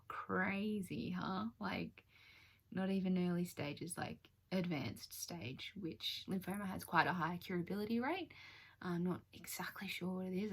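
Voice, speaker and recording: A young woman tells a story to camera in a chatty, animated way. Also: lowish voice, creaky, slightly rough. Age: 20s. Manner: chatty, animated, acts out other people's lines. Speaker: vlogger.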